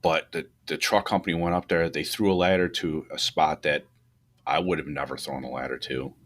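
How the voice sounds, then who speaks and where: A man co-hosting a fire service podcast, talking through a fire video in loose, rambling shop talk with many restarts, rising in pitch when he gets animated. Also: brisk. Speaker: podcast co-host, fire truck company boss. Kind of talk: casual shop talk about firefighting.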